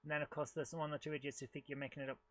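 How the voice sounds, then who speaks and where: A man's voice: on the high side, rapid-fire. A British man hosting a live retro gaming stream, chatting, mocking himself and beeping along as he plays. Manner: chatty, self-mocking, makes beeping car noises; excitable while playing. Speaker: host. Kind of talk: live retro gameplay commentary.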